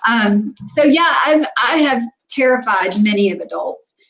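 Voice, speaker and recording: A woman's voice: a little high, lively intonation, measured pace, vocal fry, fairly bright tone, muffled recording. Chatty woman telling a story. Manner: storytelling with many fillers and restarts. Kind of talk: casual chat.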